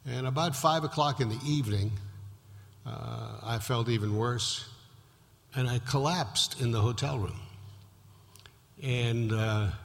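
A man, a pastor, telling a personal testimony during a sermon in a conversational, vivid storytelling manner. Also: medium pitch. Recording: long reverb in a hall.

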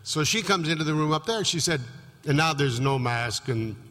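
A man's voice: a little high, expressive, moderate pace, bright, forceful tone. A man, a pastor, telling a personal testimony during a sermon in a conversational, vivid storytelling manner. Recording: long reverb in a hall.

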